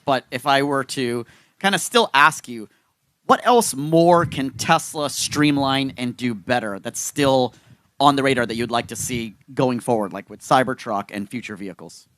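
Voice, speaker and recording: A man interviews an expert, asking casual, rambling questions. His voice is mid-pitched, and the recording is dry and close with no room sound. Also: moderate pace, fairly bright tone, dry recording.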